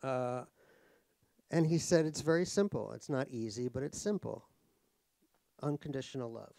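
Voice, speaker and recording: A man's voice: medium pitch, moderate pace, creaky, warm tone, no echo. A middle-aged American man from New York, speaking as an author at a live talk, joking wryly at his own expense with many restarts. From New York, USA. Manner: wry and joking, self-mocking, many restarts. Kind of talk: casual conversation on stage. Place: cultural center event hall.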